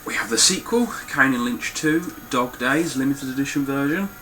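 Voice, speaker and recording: This young man chats through his game collection in a blunt, profane, casual way. He has a mid-range, bright, forceful voice at normal speed, with slight background noise on a low-quality recording.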